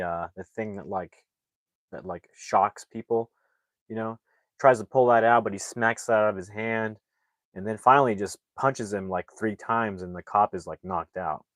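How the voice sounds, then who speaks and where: Male movie reviewer, lowish voice, casual rambling recap, dry close sound. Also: no echo. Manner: rambling, heavy on fillers and restarts.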